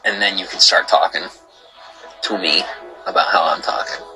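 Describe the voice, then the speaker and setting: Deep-voiced man heated on a livestream. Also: fairly even intonation, normal speed, music in the background, low-quality recording. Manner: heated, rambling, repeats himself. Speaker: livestream host. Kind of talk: casual livestream chat reading viewer comments.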